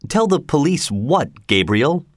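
An agitated theater secretary who will not let a question drop, as a man reads him aloud. His voice rides higher than a plain reading and jabs with accusation. It is a storybook character. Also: big pitch swings, measured pace, dry recording, clean studio sound.

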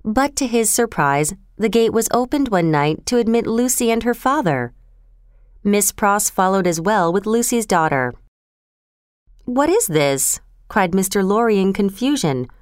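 A woman reading a story aloud in a measured, clear audiobook narration. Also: medium pitch, animated, no room sound, studio quality.

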